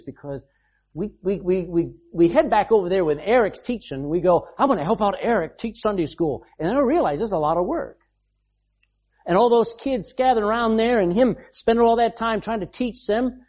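A man's voice: sits high, expressive, a little fast, darkish tone. A man preaching a sermon as pastor, emphatic, reading scripture aloud and explaining it.

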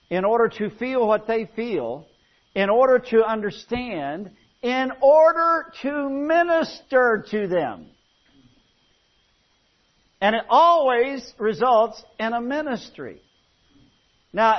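A man preaching a sermon, telling folksy, humorous stories and often restarting his phrases. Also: high-pitched. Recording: dull lo-fi recording.

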